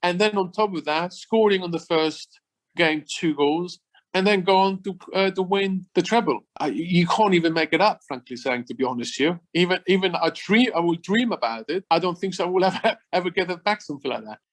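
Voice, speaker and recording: A middle-aged former footballer from Switzerland chats as a guest in a casual interview. His voice sits high and he talks fairly quickly, sounding enthusiastic, repeating words, and using non-native phrasing.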